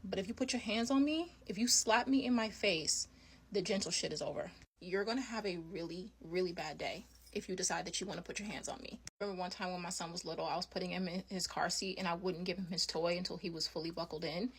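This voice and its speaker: A woman's voice: fairly low pitch, quick pace, husky. A mother giving firm, blunt opinions in a vlog.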